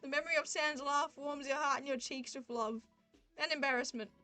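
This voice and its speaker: A young woman streaming, narrating a visual novel aloud in a quick, giggly manner. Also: high-pitched, pushed and bright, faint music behind.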